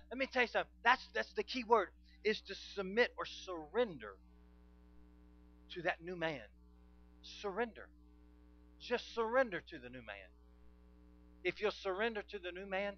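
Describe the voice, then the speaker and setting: A man preaching a sermon, swinging from soft to loud and calling out to the congregation for responses. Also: high-pitched. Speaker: pastor. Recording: dull lo-fi sound.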